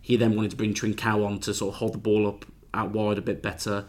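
A football reporter talks in a low, flat voice, quick but halting, with restarts and fillers. He sounds casual. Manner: hesitant, with many ums and restarts. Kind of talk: casual chat.

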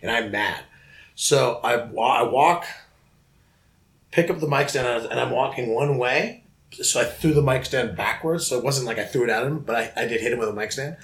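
A middle-aged man telling a long story as a podcast guest, animated and profane, often stumbling and restarting his words. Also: mid-range voice, moderate pace. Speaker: guest musician. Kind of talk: casual storytelling.

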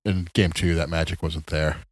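A man's voice: a bass voice, level tone, normal speed, rough recording. A man co-hosting a podcast, chatting casually about basketball and laughing often. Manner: laughs often, keen fan talk. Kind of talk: casual sports chat.

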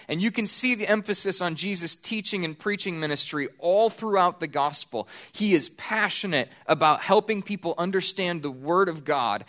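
A man preaching a sermon as pastor, earnest, slowing down to stress key points. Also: high-pitched, a bit bright.

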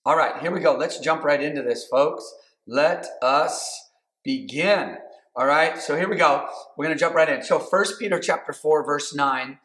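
A man's voice: on the high side, normal speed, fairly bright tone. A man preaching a sermon as pastor, talking in a loose conversational way with many fillers and restarts. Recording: echoey room.

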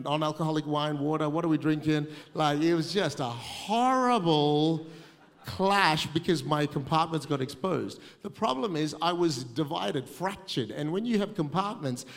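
A man with an Australian accent preaching a sermon, telling stories with lively, self-mocking humor. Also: on the high side, big-room sound.

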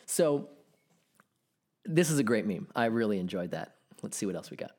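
A man's voice: on the low side, moderate pace, long pauses. A man in his thirties hosting a solo podcast, ranting and swearing as he reacts to online posts. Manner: animated, profane ranting. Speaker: podcast host.

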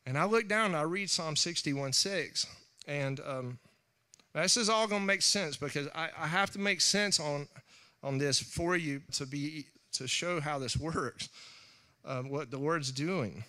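Bright-voiced preacher in his forties. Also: measured pace. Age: 40s. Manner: storytelling, acts out voices in a high pitch, laughs often. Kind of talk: sermon.

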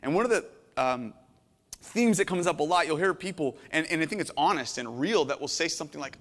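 A middle-aged man preaching a sermon as a pastor, earnest and emotional, swinging from hushed to intense. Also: fairly high pitch, expressive, a little fast, big-room sound. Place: church sanctuary.

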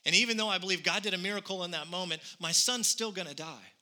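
A man's voice: sits high, quick pace, sharp tone. A man in his thirties preaching a sermon, telling a personal story earnestly and building to conviction. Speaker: pastor.

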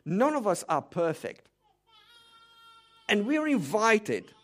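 A man's voice: sits high, very animated, slow pace. A man preaching a sermon, emphatic and direct, firing rhetorical questions at the congregation. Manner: direct, speaks to the congregation as "you".

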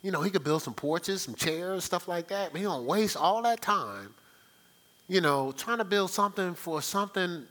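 A man's voice: high voice, animated, moderate pace, fairly bright tone. A man voicing a scoffing male neighbor who gossips and jeers about a man building an ark. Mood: mocking. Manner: gossipy, derisive, casual street talk.

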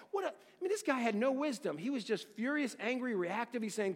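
A man preaching an expository sermon, dramatic and questioning, swinging between loud exclamations and near-hushed phrases. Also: high voice, sing-song, moderate pace, few pauses, in a large hall. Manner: asks the listeners rhetorical questions. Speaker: pastor.

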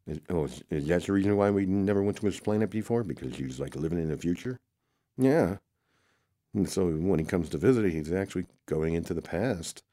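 A man with a very low, dark voice improvises a rambling make-believe story, full of "oh boy" exclamations. The sound is dry and close, with no room around it. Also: quick pace, few pauses, no room sound.

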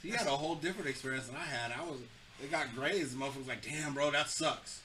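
A man co-hosting a casual podcast chat, trading dry jokes in quick banter. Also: mid-range voice, far from the mic, a crowd in the background, low-quality recording. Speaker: podcast co-host.

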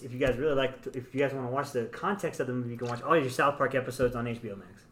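A woman's voice: very fast, slight background noise. A young woman co-hosting a casual chat, enthusiastic and swearing freely. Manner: enthusiastic, swears freely, quotes cartoon lines in squeaky voices. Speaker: podcast co-host.

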